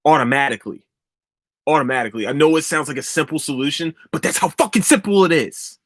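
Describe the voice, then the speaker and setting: Young male podcast host, solo rant, cursing freely, slightly high voice, dry close sound. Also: fast, dry recording. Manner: profane, animated ranting.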